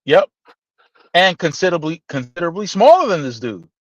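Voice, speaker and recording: Guy telling a wild story on a podcast, cussing, doing the voices, kinda high voice, dry muffled sound. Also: fairly quick, dry recording. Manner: animated, profane storytelling with acted-out dialogue. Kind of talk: casual storytelling chat. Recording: dull, slightly lo-fi dry sound.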